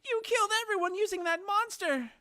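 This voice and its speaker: A shrill, shrieking village boy. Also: expressive, drawn-out words, a bit bright, heavily acted. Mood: accusing. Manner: shrieking accusations.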